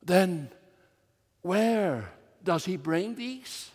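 High-voiced slow-preaching man in a church. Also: long reverb tail. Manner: slow, earnest preaching with swells of emphasis. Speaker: minister. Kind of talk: sermon.

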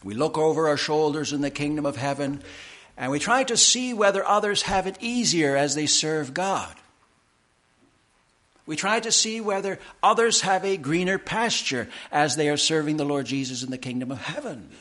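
A man preaching a sermon, slow and emphatic, with deliberate pauses. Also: fairly high pitch, fairly bright tone. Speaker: pastor.

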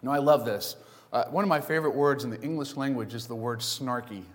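A man's voice: medium pitch, brisk, in a large hall. A male pastor delivering a sermon with emphatic, repeated contrasts.

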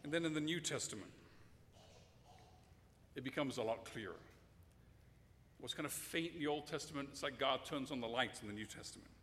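A man's voice: medium pitch, fairly quick, pauses often, a bit bright, in a large hall, a little hiss or hum. A man preaching a sermon, emphatic and direct, sometimes addressing children in the audience.

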